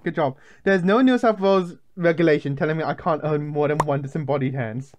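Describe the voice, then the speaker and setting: A man's voice: fairly high pitch, a little fast, slight background noise. A man chatting casually while playing a game, rambling and joking as he calls out what is happening. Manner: rambling, joking, running commentary. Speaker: gamer. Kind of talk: casual gaming chat.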